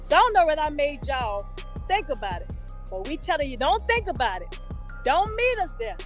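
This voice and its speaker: A woman leading a live walking tour through indoor hotel hallways, talking into a phone she holds as she walks. She is energetic and hyped, and she repeats words for emphasis. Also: high-pitched, normal speed. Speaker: event organizer giving a tour. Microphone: phone held while walking. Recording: tinny phone-mic audio with faint music.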